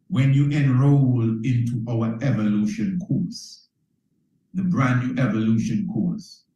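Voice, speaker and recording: A man's voice: mid-range voice, darkish tone, roomy sound, rough recording. A man giving a motivational talk, repeating phrases like a preacher and calling his listeners family. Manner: preacher-like, repeats phrases, asks "you understand?"; calls listeners "family", leads them in call and response. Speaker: motivational speaker.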